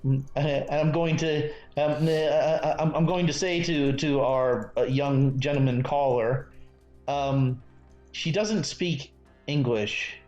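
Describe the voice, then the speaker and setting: A man's voice: medium pitch, slow pace, darkish tone, faint music behind. A man playing a tabletop game, talking hesitantly with many restarts. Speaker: player. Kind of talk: casual tabletop role-play. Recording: echoey, dull lo-fi mic.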